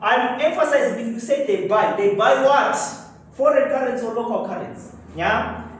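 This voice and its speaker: A man's voice: very high-pitched, a little fast. A male lecturer teaching a class, prompting students to finish his sentences with fill-in-the-blank questions. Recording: very echoey room from far off, faint noise.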